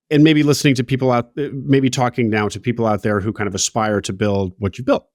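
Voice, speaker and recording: A man's voice: medium pitch, fairly even intonation, a little fast, few pauses, no echo, clean studio sound. A man hosting a business interview podcast, asking long rambling questions in an upbeat way. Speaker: podcast host.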